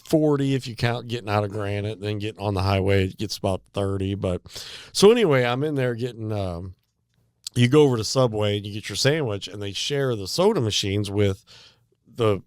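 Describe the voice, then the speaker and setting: A middle-aged man, co-hosting a podcast and telling a casual story with lively asides. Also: on the low side, brisk, clear, resonant tone, no room sound, clean studio sound. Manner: animated anecdote teller, acts out quoted voices. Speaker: podcast co-host.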